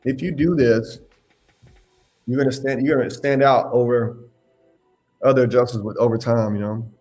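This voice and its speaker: A man's voice: medium pitch, fairly even intonation, normal speed, darkish tone, soft background music. A man hosting a live question-and-answer stream, giving blunt, emphatic advice and scolding his viewers. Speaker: host answering live questions on insurance adjusting.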